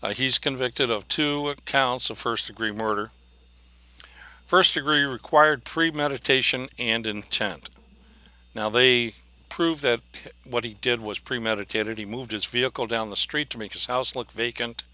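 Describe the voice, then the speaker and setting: A man's voice: mid-range voice, unhurried, bright, forceful tone, dry recording. A man teaching a class, retelling a case in a plain, conversational way with frequent restarts. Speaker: instructor. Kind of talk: conversational lecture recounting a case.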